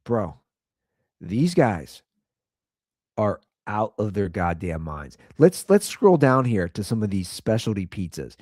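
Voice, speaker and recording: A man's voice: slow pace, no echo, studio quality. A man hosting his own show, telling a story as a casual comedic rant and repeating lines in disbelief for comic effect. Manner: animated storyteller, swings between loud and low. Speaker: podcast host.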